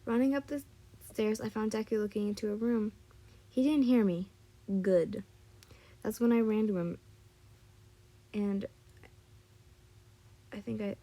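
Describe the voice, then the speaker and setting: A woman's voice: mid-range voice, warm tone. A woman casually reading a fan story aloud, stumbling and apologizing now and then. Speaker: story reader.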